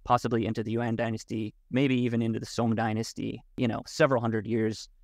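A man as a podcast guest, talking in a thoughtful, halting way with many restarts. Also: medium pitch, level tone, gravelly, darkish tone, no echo, clean studio sound. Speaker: podcast guest, Wudang martial arts teacher. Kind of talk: casual conversation.

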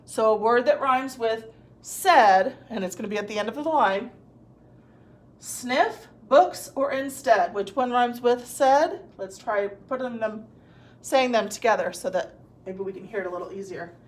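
A woman's voice: fairly high pitch, unhurried. A woman teacher giving a recorded phonics lesson to young children, patiently sounding out words and praising answers.

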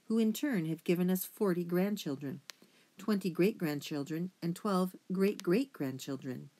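Woman reading as a stuffy old patriarch mouse, lecturing, self-important, storybook voice, a little low. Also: normal speed, dark tone, natural voice. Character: pompous elderly male mouse patriarch. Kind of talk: audiobook character reading.

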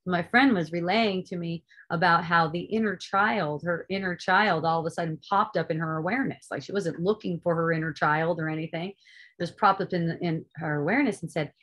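In an online group session, a woman delivers a heartfelt spiritual lesson, hammering key points loudly before slipping into quiet asides and tossing in the odd curse word. Her voice sits fairly low and she speaks rather quickly.

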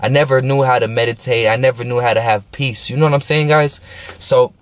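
A man's voice: mid-range voice, steady tone, brisk. Young man with laid-back slangy storytime talk. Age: young adult. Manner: slangy, rambling, keeps asking "you know what I'm saying"; laid-back, smoking while talking. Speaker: vlogger telling a story. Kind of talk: casual storytime.

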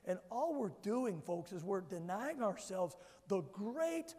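A man's voice: sits high, very animated, slow, a little mellow. A male pastor preaching a sermon emphatically, calling on the congregation to answer back. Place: church sanctuary. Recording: long church hall reverb.

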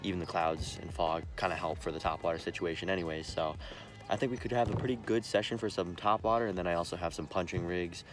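A young man on a kayak, fishing and chatting casually to his viewers, easily excitable and quick to groan over his mistakes. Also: sits low, music in the background. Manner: excitable, swings from quiet musing to loud frustrated outbursts. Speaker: fishing vlogger. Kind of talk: casual running commentary. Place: on a kayak on a lake, outdoors. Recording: outdoor camera audio with steady background noise.

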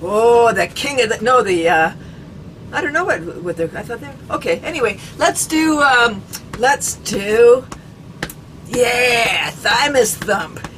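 Fields: Sex: woman. Origin: from Canada. Role: laughter club leader. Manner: bubbly, high, swooping. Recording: distant, noisy. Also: animated, slow pace, a bit bright. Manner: bubbly, giggly, exclamatory. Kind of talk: playful guided laughter exercise. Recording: distant mic with noticeable background noise.

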